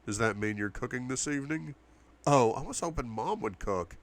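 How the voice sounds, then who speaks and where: A man's voice: mid-range voice, animated, moderate pace, pitched above the performer's own voice, lightly acted. A man voicing a chatty young woman, a bubbly kid sister. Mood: gushing.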